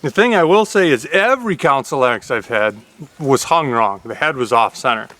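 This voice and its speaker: A man's voice: medium pitch, lively intonation, moderate pace, a bit bright. A man casually talking through a new axe on his vlog, plain-spoken and chatty with a folksy manner. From Upper Michigan. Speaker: YouTube host reviewing an axe.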